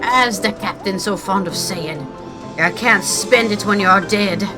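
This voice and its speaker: A woman voicing a gruff sky pirate crewman who talks in salty sailor slang. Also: mid-range voice, unhurried, over music, close to an everyday voice. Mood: rueful.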